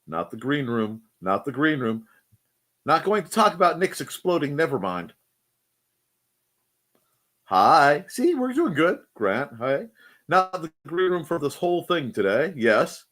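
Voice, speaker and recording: A playful man hosts a loose live chat show, bouncing between jokes and quick asides. His voice sits a little high and swings widely in pitch, so he sounds lively and animated throughout. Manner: playful, slips into silly voices. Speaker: host.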